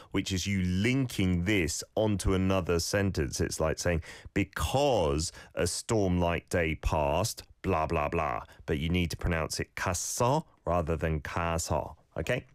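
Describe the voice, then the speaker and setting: A man hosting a radio show who coaches listeners' pronunciation, patiently repeating sounds slowly and explaining small corrections. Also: low-pitched, dry recording, clean studio sound. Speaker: radio host teaching Korean. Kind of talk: casual radio talk with language tips.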